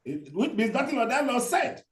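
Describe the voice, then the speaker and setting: A man's voice: very high voice, sing-song, moderate pace, over a noisy crowd. A man, a lawyer addressing the court, stammering and apologetic. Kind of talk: courtroom proceedings. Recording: roomy courtroom echo.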